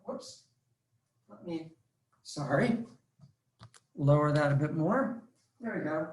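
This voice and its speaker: Leading a live virtual workout class, a man counts reps aloud and walks participants through each step over video call. He sounds animated and on the high side, speaking slowly with long pauses, captured by a computer mic with roomy echo.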